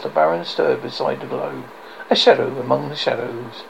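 Gravelly man reading a novel aloud. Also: mid-range voice, muffled recording, slight background noise. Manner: gravelly, halting reading with slips and restarts. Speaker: radio reader.

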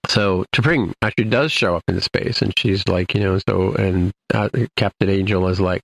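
A man's voice: deep voice, moderate pace, creaky. A man casually recapping an episode, rambling with many fillers and restarts. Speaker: podcast host recapping an episode. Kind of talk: casual chat.

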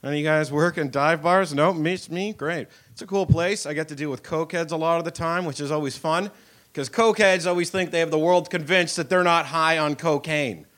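A man's voice: a little high, fairly quick, a bit bright. Crude young man doing stand-up. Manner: crude, self-mocking storytelling with acted-out voices. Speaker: stand-up comedian. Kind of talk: stand-up set. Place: comedy club stage with live audience.

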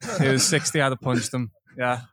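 A man's voice: medium pitch, steady tone, brisk, fairly bright tone, dry recording, clean studio sound. A young man telling a crude, laughing anecdote on a podcast recorded from home. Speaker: podcast co-host. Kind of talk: casual chat, storytelling.

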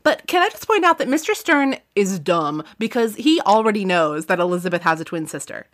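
A woman's voice: medium pitch, big pitch swings, brisk. Chatty woman recapping a book. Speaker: podcast co-host. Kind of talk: casual book discussion with read-aloud passages.

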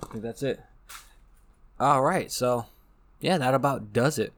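American guy rambling on his show, jokey, lots of restarts, middle-pitched voice. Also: measured pace, a bit bright. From United States. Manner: rambling, joking, with frequent restarts. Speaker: podcast host. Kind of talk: casual monologue.

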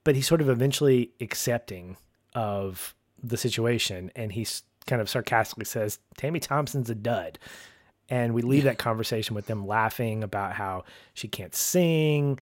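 A podcast co-host recaps a TV episode in casual conversation, animatedly acting out the characters' lines. His mid-range voice moves at a moderate pace, and the clean studio recording has no echo.

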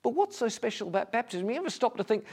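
A man preaching a sermon in a conversational way, asking rhetorical questions with gentle humor. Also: very high voice, big pitch swings, fast talker, husky. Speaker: pastor.

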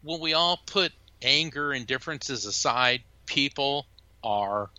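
A man who is a guest in an interview, talking as a lively, emphatic storyteller. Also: mid-range voice, a little slow, no room sound, muffled recording. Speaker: psychic medium and lawyer, guest. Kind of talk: interview conversation.

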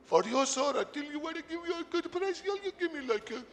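A man putting on a tiny male street seller, haggling in a high voice. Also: animated, quick pace, long reverb tail. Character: tiny male roadside air-freshener seller.

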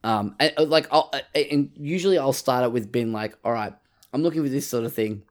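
A man's voice: medium pitch, brisk. A man chats casually on a gaming podcast. He swears freely and acts out his own reactions to the game. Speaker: podcast co-host. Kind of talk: casual chat.

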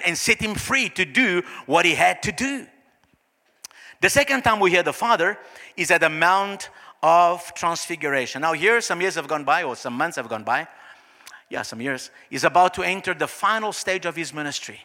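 A male pastor, preaching a sermon with emphatic swings between loud, high lines and quiet, low ones. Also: expressive, normal speed, big-room sound.

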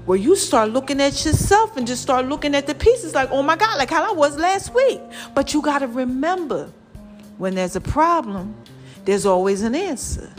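A young woman talks straight to her viewers in a loose, animated vlog style. Her voice sits a little high for a woman, and she slips into a preachy, testifying tone. She keeps calling her audience y'all and child. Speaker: vlogger sharing a health testimony. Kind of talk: casual chat to viewers.

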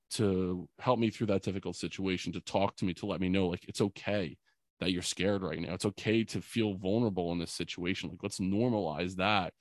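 Man, forties, podcast guest; earnest, emotional storyteller, low voice, dry close mic. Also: dry recording. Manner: earnest, emotional, many fillers like "like". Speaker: podcast guest, youth mentor. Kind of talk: personal storytelling in an interview.

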